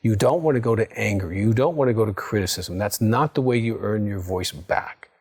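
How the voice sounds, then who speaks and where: A man's voice: on the low side, a little fast, a little mellow, husky. A man in his sixties, a psychologist giving a direct, coaching talk to viewers and often checking in with "okay?". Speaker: psychologist and recovery counselor.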